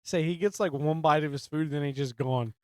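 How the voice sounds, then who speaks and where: A man's voice: fairly high pitch, a little fast, clear, resonant tone, no room sound. A man co-hosting a movie podcast, joking and laughing a lot as he chats about the plot. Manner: laughs often, playful quips. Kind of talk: casual film recap chat.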